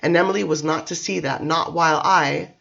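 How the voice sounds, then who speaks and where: A man's voice: a little high, steady tone, a little fast, creaky, a bit bright, breathy edge, highs cut off, heavily acted. A man voicing a distraught, drunk Englishman who pleads and talks emphatically, in a storybook reading. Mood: desperate. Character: distraught Englishman, middle-aged, drunk and desperate.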